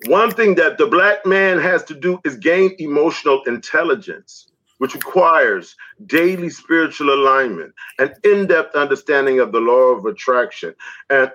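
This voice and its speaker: A man's voice: medium pitch, sharp tone. A man performing spoken word poetry in a rhythmic, dramatic recitation. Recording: dull lo-fi audio.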